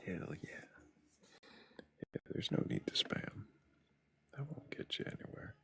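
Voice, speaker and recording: A man from Texas hosting a casual live-stream chat, relaxed and low-key, often dropping into a half-whisper. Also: unhurried, slight background noise. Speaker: host.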